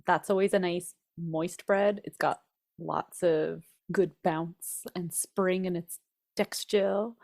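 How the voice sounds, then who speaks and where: A woman's voice: lowish voice, fairly even intonation, slow, gravelly, a little mellow, no room sound, studio quality. A middle-aged woman co-hosting a cooking podcast in casual chat, chatty and laughing often. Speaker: podcast co-host.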